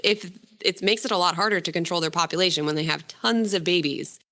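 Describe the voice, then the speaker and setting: Bright-voiced chatty woman explaining. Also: lowish voice, quick pace. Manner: chatty, self-correcting, laughs often. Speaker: reporter explaining a story. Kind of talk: casual conversational explainer.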